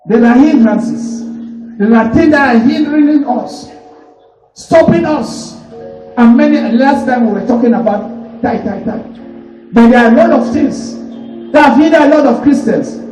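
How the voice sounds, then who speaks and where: A man's voice: very high voice, darkish tone. A man preaching a sermon as pastor, emphatic and prompting the congregation to answer. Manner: emphatic call-and-response preaching, prompting replies. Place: church service. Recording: echoey church hall, distant mic, faint noise.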